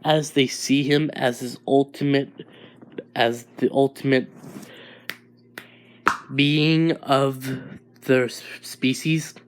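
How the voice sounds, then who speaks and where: A man's voice: medium pitch, fairly even intonation, slow pace, pauses often, clear, resonant tone. Rambling man narrating a fan story. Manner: rambling, many restarts and filler. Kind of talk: improvised fan-fiction narration.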